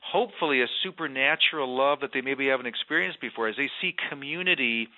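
A man's voice: mid-range voice, fast. A man, a former mayor, speaking as a guest in an earnest, emphatic faith conversation. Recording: tinny phone-line sound.

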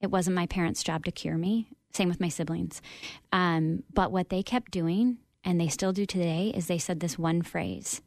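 A woman speaks as a guest on a radio interview, recounting her own story in an earnest, reflective way. Her voice sits a little low for a woman, and the sound is dry and close with no room around it. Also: steady tone, normal speed, a little mellow, no echo. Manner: earnest, open, reflective with frequent ums.

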